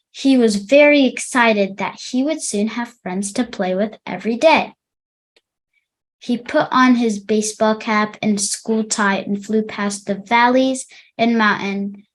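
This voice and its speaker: A young woman teaching English to children, reading a storybook aloud and pausing to explain words. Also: medium pitch.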